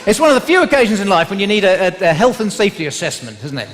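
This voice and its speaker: A man's voice: high voice, big pitch swings, very fast, a bit bright. A man doing stand-up comedy to a live audience, chatting and teasing the crowd with tag questions. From England, West Country. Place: large live theatre with an audience. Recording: live hall recording with crowd. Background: audience laughter.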